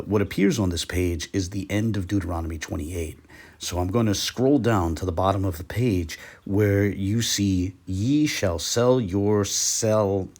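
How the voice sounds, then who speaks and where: A man giving a methodical screen-share lecture on biblical grammar, pausing often with fillers and carefully reading out Hebrew phrases. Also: deep voice, darkish tone, slightly rough. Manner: methodical, hesitant with frequent fillers. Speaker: biblical language teacher.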